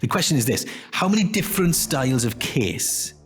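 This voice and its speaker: A man's voice: medium pitch, very animated, moderate pace, faint music behind. A man co-hosting a podcast in casual chat, talking in a chatty way with many fillers and restarts. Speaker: podcast co-host.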